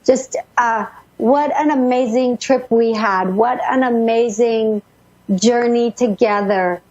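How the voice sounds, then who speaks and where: A woman psychic medium hosting a call-in radio show, relaying messages in a rushed, breathless way full of restarts. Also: on the high side, a little mellow, dull audio.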